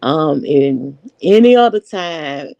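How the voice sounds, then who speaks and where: Woman, 40s, AAVE, slow chatty live-stream host; low pitch, dry close recording. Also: lively intonation, mellow, no room sound, lo-fi sound. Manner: chatty, unhurried, talks straight to viewers. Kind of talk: casual live-stream chat.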